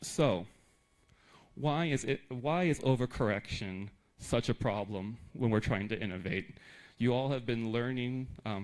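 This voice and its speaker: This American man, a teacher trainer, addresses teachers at a conference with animated emphasis and humorous asides. The recording of his mid-range voice is of low quality.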